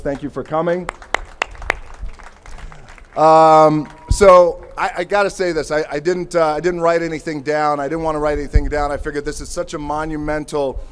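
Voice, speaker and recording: A man's voice: on the high side, clean tone. A man in his forties giving an unscripted acceptance speech at an outdoor ceremony, thanking people and adding playful, self-mocking asides. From United States. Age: 40s.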